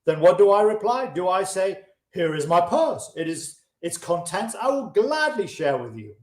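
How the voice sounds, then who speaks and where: A man's voice: sits high, sing-song, normal speed, pitched above the performer's own voice. A man reading the part of an earnest, discontented chariot maker, speaking old-fashioned English with passion. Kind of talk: audiobook-style reading of a classic. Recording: roomy echo.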